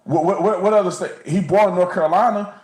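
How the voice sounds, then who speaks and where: A man's voice: high-pitched, fairly quick, a little mellow, roomy sound, rough recording. A man co-hosting a casual commentary livestream, talking bluntly and animatedly, often stumbling and repeating words. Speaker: co-host.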